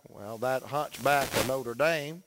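A middle-aged visiting preacher opens his sermon with humor, telling folksy jokes as a joking storyteller. His voice is medium-pitched and slow, with background noise behind it.

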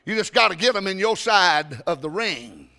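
A man preaching a sermon, telling a story with stammering restarts and sudden loud bursts. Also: high voice, expressive, moderate pace, creaky.

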